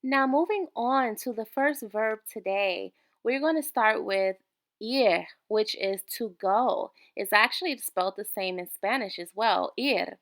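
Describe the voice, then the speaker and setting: A woman teaching an online beginner language lesson, patiently repeating each word slowly for the learners. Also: on the high side. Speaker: language tutor.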